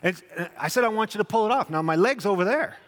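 A man, preaching a sermon and telling lively personal stories, acting out the people in them. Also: sits high, quick pace. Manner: animated storyteller, acts out voices. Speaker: pastor. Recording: hall with long reverb.

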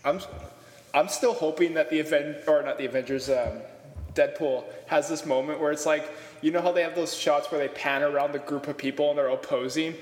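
A man's voice: on the high side, steady tone, a little fast. A man hosting a podcast, casual chat, laid-back and crude in his jokes. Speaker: podcast host. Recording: echoey room with long reverb.

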